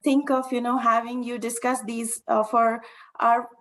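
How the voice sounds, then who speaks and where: A woman from the United States moderates a panel over a video call. Her voice is high. She talks casually and hesitantly, often pausing on ums and uhs. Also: little pitch movement, a bit bright. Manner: filler-heavy, hesitant phrasing.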